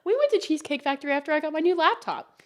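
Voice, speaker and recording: A woman's voice: high voice, expressive, racing. A young woman hosting a podcast, telling stories in a casual chat, swearing and laughing often. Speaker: podcast host.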